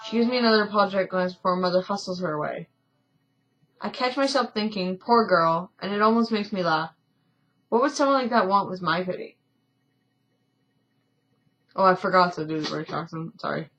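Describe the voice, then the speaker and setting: A woman's voice: medium pitch, expressive, a little fast, long pauses, a bit bright, lo-fi sound, a little hiss or hum. A woman reading a story game aloud in a casual let's-play, often stumbling and correcting herself, with chatty asides.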